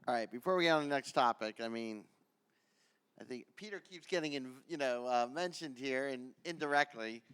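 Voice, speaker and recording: A man moderating an industry panel, briskly setting up questions for each speaker. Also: mid-range voice, fairly bright tone, clean tone. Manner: brisk, conversational question framing.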